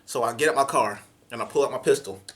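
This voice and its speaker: A young man telling a comic story in an animated, profane way, acting out voices. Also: mid-range voice, fast talker.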